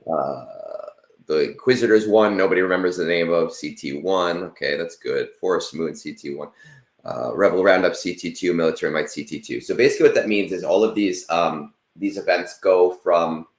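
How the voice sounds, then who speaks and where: Deep-voiced chatty man in an echoey room. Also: fairly quick. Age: 30s. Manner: rambling, chatty, self-deprecating, with frequent fillers. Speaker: stream host. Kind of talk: casual livestream chat.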